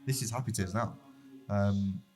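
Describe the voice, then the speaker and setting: A man's voice: fairly low pitch, measured pace, darkish tone, faint music behind. A young man, a barber shop founder talking openly and with feeling as a guest in a casual podcast conversation. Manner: open, candid, heartfelt storytelling.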